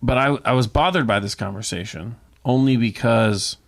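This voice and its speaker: A man's voice: mid-range voice, moderate pace, creaky. A man who owns a brewery tour company, telling stories in a casual podcast chat with enthusiasm, often repeating words as he starts a thought. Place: Knoxville.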